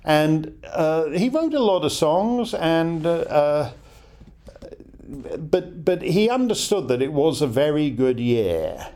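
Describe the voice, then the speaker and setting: A man's voice: fairly high pitch, very animated, slow, warm tone. A middle-aged man hosting a casual listener Q&A, wry and digressive with chuckling asides. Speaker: podcast host answering listener questions. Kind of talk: casual Q&A chat.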